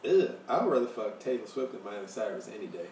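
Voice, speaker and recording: A man co-hosting a podcast in casual banter, teasing his friend and jumping up in pitch when he mimics other people. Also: big pitch swings, fast, darkish tone. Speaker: podcast co-host. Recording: roomy echo, a bit distant, faint hiss.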